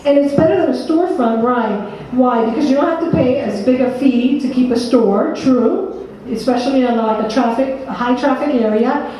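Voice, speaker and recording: A woman with a New Jersey accent leads a seminar, firing questions at the room and calling on people by name. Her voice is high and mellow. She is heard from across an echoey meeting room with a faint hiss behind. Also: moderate pace, far from the mic. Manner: quizzes the audience, calls on people by name. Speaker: workshop presenter. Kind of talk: interactive seminar talk.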